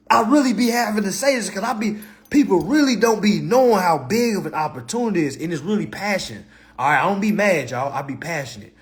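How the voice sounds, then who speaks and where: A man's voice: expressive, quick pace. Passionate, profane man ranting on a livestream. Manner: passionate, blunt and profane, repeats himself, swings between loud and low. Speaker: livestream host.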